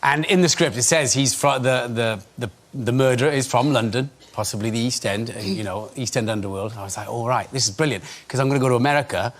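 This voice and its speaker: A man from Cardiff with a Welsh accent, a talk show guest telling a lively anecdote and mimicking voices. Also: mid-range voice, quick pace, few pauses. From Wales. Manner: animated storyteller, mimics voices. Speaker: guest actor. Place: TV studio. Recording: noisy studio recording.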